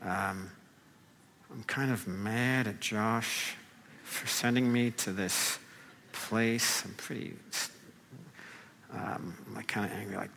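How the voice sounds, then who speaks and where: A man's voice: fairly low pitch, steady tone, slow, gravelly, pauses often, sharp tone, a little hiss or hum. A man preaching an informal sermon as a pastor, talking loosely with many fillers and restarts. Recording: long hall reverb.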